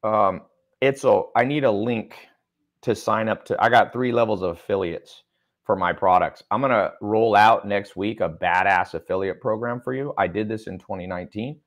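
A man's voice: on the low side, normal speed. A man hosting a livestream, reading viewer comments and talking loosely with jokes. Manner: loose, joking, reads chat comments aloud. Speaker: online business mentor. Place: studio with a sound engineer.

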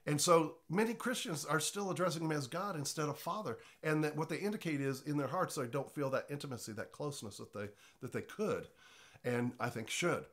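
A man's voice: fairly high pitch, a little fast, a bit bright. A pastor giving an informal, earnest teaching with a slightly congested voice, often restarting his words.

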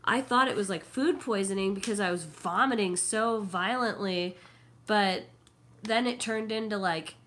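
A woman's voice: medium pitch, measured pace, fairly bright tone, a little hiss or hum. A young woman vlogger, sick and throaty, chatting casually and rambling with lots of fillers. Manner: rambling, full of fillers and hesitations. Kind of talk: casual chat.

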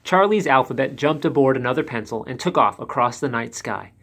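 A man reading a children's picture book aloud as a storyteller, in a lively, expressive way. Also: medium pitch, fairly quick.

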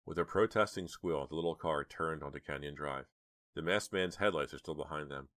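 A man narrating an audiobook with measured, dramatic storytelling. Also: extremely low pitch, a bit bright, dry recording, clean studio sound. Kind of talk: audiobook reading.

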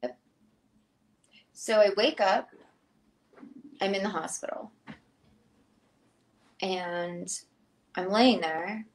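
Animated woman telling a story. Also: mid-range voice, drawn-out words, long pauses. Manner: animated, acts out quoted voices. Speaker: guest. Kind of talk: casual interview storytelling.

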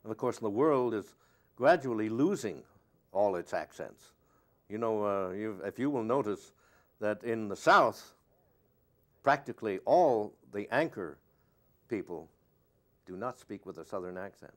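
A man's voice: on the low side, expressive, a little slow, pauses often. Older man telling rambling stories. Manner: rambling, anecdotal storyteller. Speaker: actor being interviewed. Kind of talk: conversational interview answers.

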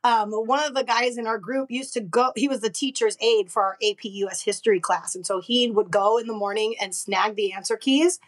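A young woman, a podcast guest, telling a story in brash, profane, animated casual chat. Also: a little high, fairly quick, few pauses.

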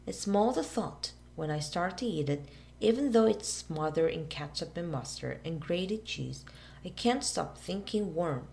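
A woman's voice: lowish voice, expressive, measured pace, gravelly, darkish tone. A woman voicing a worried, squeamish boy with a fretful, lingering way of talking in a storybook reading. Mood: queasy.

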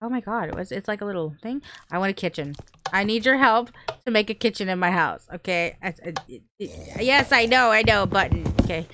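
A woman hosting a gaming channel, chatting casually and excitably through gameplay, often squealing and laughing. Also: medium pitch, fairly quick, a little hiss or hum.

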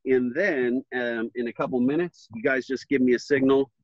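A man's voice: mid-range voice, steady tone, moderate pace, breathy edge, dry recording, highs cut off. A man reads a storybook aloud to children while standing in an alligator pond outdoors, chatting playfully between passages. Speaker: reptile sanctuary educator.

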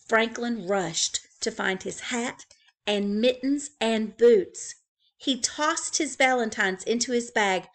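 A woman librarian reading a picture book aloud to young children, expressive, with playful asides to the kids. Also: medium pitch, slow pace. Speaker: school librarian.

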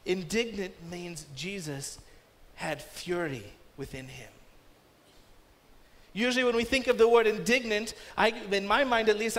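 A man's voice: high voice, fairly bright tone. A man preaching a sermon as pastor, emphatic and rising sharply when he voices commands. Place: church. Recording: long reverb of a church hall.

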